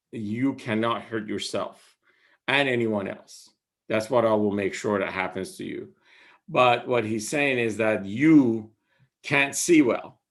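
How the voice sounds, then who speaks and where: A man explaining a poem in a casual talk on a video call, rambling with many fillers and restarts. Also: fairly low pitch. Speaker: discussion leader reading a poem.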